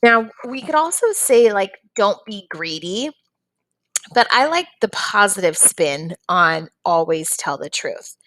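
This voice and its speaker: A woman's voice: mid-range voice, expressive, unhurried, a bit bright, no echo. A woman teacher patiently walking young students through a phonics and reading lesson, step by step.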